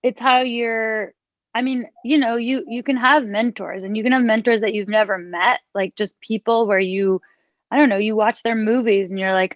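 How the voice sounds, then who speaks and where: A woman's voice: a little high, fairly even intonation, normal speed, dry recording. Woman chatting and reading aloud, dull dry sound. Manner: hesitant, with many fillers and restarts in chat. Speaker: interviewer and author. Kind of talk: casual conversation and reading aloud from her book.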